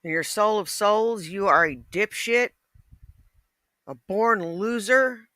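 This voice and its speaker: A man's voice: high voice, takes it slowly, pushed and bright, no room sound, clean studio sound, voice pushed up, exaggerated voice. A man voicing a scornful male heckler who trades in blunt, mocking put-downs.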